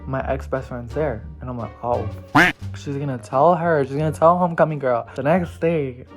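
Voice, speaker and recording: A man's voice: mid-range voice, a little fast. A man telling a casual storytime, chatty and full of "like", acting out what others said. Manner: chatty, lots of "like", acts out quotes. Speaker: vlogger. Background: faint background music.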